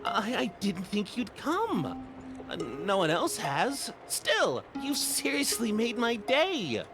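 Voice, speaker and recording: A man's voice: sits high, wildly swooping pitch, slow, music in the background, voice pushed up, heavily acted. A man doing a nervous, stammering nerd. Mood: shy. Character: timid, eager nerdy young man.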